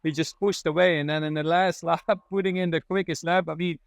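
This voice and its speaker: A man's voice: on the high side, fairly even intonation, fairly quick, vocal fry, no echo, studio quality. Enthusiastic male racing reporter. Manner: enthusiastic, non-native phrasing. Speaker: motorsport reporter, co-host. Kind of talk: casual on-site chat. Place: outdoors at a race paddock.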